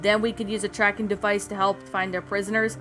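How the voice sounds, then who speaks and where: A woman's voice: medium pitch, level tone, fast talker, a bit bright, soft background music, natural voice. A woman voicing an anxious teenage boy agent with a put-on Japanese accent. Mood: worried.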